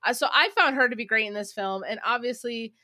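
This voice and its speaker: Female podcast co-host, eager casual film talk, bright and close-miked. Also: a little high, a little fast, no room sound. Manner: enthusiastic, chatty, swears casually. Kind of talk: casual chat.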